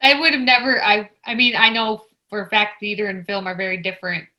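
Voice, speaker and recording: Bright-voiced woman host asking questions. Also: medium pitch, steady tone, brisk. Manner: asks long, searching questions. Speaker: interview host. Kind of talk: interview questions. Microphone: video call.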